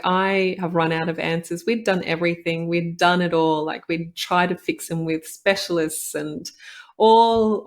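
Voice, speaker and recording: Earnest woman, lowish voice. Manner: earnest and reflective, with frequent "like" and "you know". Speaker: podcast host and integrative doctor. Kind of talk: personal storytelling, podcast monologue.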